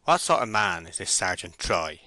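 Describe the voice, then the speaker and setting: A man reading the part of a steady, stern young shepherd in an audiobook, speaking firmly and plainly. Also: sits low, moderate pace, no room sound, exaggerated voice. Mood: questioning. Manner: firm, plain-spoken.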